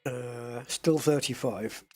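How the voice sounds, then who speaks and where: A man's voice: medium pitch, slow, mellow, soft background music. A man chatting casually and joking with viewers while live-streaming a space game.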